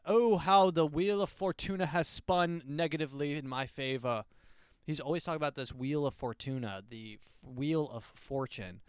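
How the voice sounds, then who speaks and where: Guy rambling about a book on his podcast, smooth voice, dry close mic. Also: medium pitch, no room sound. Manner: rambling, animated, acts out quotes in silly voices. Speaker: podcast host. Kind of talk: casual book review monologue.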